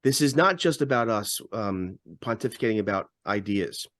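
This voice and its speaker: A man's voice: fairly low pitch, expressive, moderate pace, a bit bright, no echo. A man co-hosting a political talk show, speaking emphatically and stumbling over repeated words as he builds his points. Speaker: radio host and podcast co-host.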